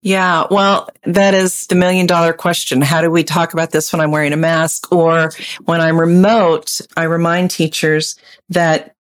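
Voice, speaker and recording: A woman with an Oklahoma accent, speaking as a literacy educator on a panel and explaining phonics in an animated way, now and then acting out children. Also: on the low side, normal speed. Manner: animated, acts out children's voices.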